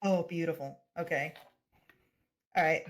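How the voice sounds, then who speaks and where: A player in a tabletop role-playing game, making playful, quick quips. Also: mid-range voice, steady tone. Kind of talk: casual tabletop game play.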